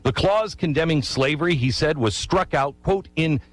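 A man's voice: fairly high pitch, normal speed, rough recording. A man telling a history story with emphatic delivery, asking the listener rhetorical questions. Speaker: history speaker.

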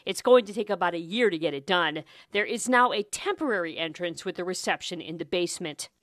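A woman reading a local radio news bulletin in a steady, measured way. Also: fairly low pitch, no room sound, studio quality. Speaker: newsreader.

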